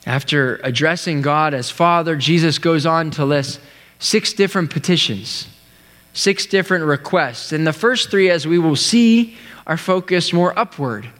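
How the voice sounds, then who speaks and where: A man preaching a sermon, telling a story in an earnest way, with pauses and restarts. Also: fairly high pitch, fairly bright tone. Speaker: pastor. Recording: long hall reverb.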